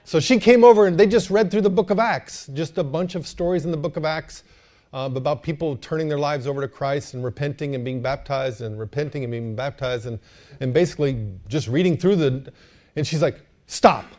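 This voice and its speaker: Lively male pastor, higher voice, joking preaching style. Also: brisk. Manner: animated, joking, calls for amens. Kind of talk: sermon.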